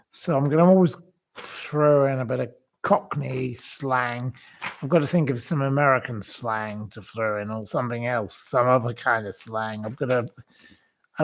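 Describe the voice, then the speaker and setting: A man hosting a live online quiz, chatting casually, rambling and calling out viewers by name. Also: mid-range voice. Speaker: livestream quiz host.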